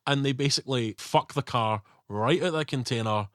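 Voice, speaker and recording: A man's voice: medium pitch, a little fast, fairly bright tone, no echo, studio quality. A man co-hosting a casual film-review podcast, talking animatedly, swearing freely and acting out movie lines. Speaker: podcast co-host; comedian.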